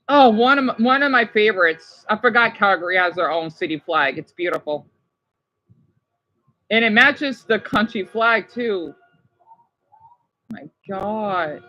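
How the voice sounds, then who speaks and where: An excitable woman from the United States hosting a casual livestream, gushing as she reacts and often apologizing. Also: mid-range voice, measured pace, long pauses, dull audio. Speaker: livestream host.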